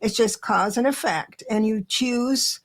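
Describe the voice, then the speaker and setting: A woman's voice: on the high side, measured pace. A woman host in casual chat, speaking reflectively about spiritual ideas. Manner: reflective, speaks of soul alignment and cause and effect.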